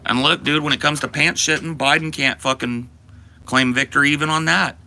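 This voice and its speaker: A man's voice: fairly high pitch, fairly even intonation, a little fast, background noise. A man and podcast host in a profane, exaggerated comedic rant that swings into mock panic.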